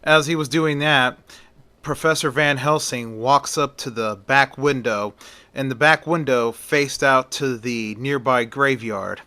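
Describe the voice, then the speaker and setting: Bright-voiced man telling a story. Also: medium pitch, measured pace, no echo. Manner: unscripted telling with fillers, voicing each character lightly. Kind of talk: retelling a story aloud.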